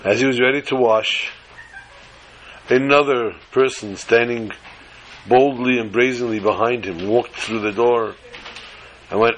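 A man telling a religious story to listeners in a measured, dramatic way. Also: mid-range voice, fairly even intonation, slight background noise, poor audio.

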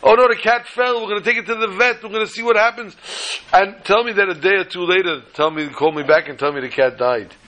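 A man's voice: sits high, big pitch swings, slow pace, long pauses, sharp tone, voice pushed up, full character voice. A man playing a distraught grown man who pleads with his brother over the phone about his cat, in an exasperated voice. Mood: pleading.

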